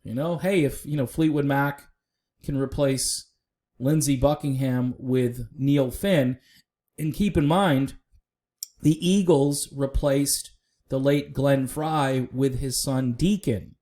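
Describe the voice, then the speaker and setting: A man's voice: medium pitch, fairly even intonation, slow pace, mellow. A man giving casual, opinionated solo commentary on music news, talking straight to viewers with frequent fillers.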